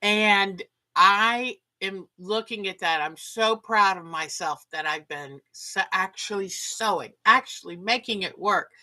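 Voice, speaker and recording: A woman's voice: mid-range voice, a little slow, few pauses, sharp tone. A woman hosting a casual livestream, chatting and reading out viewer comments with enthusiasm. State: sleepy, yawning. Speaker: livestream host.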